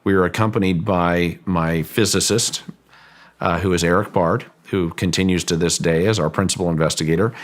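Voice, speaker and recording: A man as an interview guest, recounting a story in a measured, deliberate way with frequent restarts. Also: deep voice, steady tone. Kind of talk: storytelling in a long-form interview.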